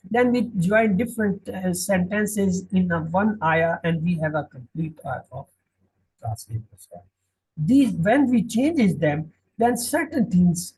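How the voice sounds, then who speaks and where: A man teaching a classroom Quran lesson, drilling each word slowly and repeating the meanings. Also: sits high, a little mellow, breathy edge, low-quality recording. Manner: slow, repetitive, drilling word by word.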